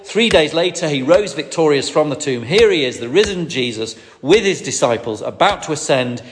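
Preacher echoing through a hall. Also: male voice, fairly high pitch, lively intonation, normal speed, slight background noise. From Lancashire, England. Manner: repeats words and restarts, emphatic. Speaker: preacher, ordained minister. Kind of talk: sermon. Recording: long hall reverb.

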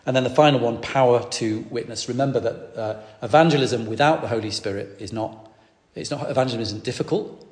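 A man preaching a sermon as a vicar, telling a story in a lively way and repeating phrases for emphasis. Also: medium pitch, a little fast. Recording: echoey hall, long reverb.

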